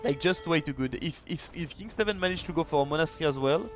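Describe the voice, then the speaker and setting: Man, excitable live game commentary, slightly high voice, chatty with quick restarts. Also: faint music behind. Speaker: esports caster and streamer.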